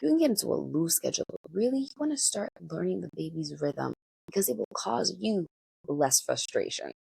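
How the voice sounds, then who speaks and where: A woman doula giving parenting advice in a coaching manner, often checking in with listeners and swinging her pitch and pace expressively. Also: very animated, fairly quick, creaky, mellow, slightly rough, no echo.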